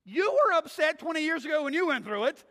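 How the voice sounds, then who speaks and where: A male pastor preaching a sermon in a conversational way, often checking in with the congregation with a quick "right?". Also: extremely high pitch, big pitch swings, bright, forceful tone, big-room sound. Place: church sanctuary.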